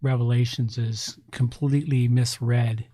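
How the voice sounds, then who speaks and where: A man's voice: medium pitch, steady tone, a little slow, warm tone, no echo, studio quality. A man with a Southern US accent hosting a casual podcast chat, rambling and sarcastic, often groping for words. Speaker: podcast host.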